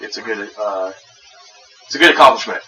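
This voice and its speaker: A man co-hosting a casual podcast, crude and quick to laugh, often stumbling and restarting. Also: fairly low pitch, lively intonation, bright, forceful tone. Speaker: podcast co-host. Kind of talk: casual chat. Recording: distant mic with background noise.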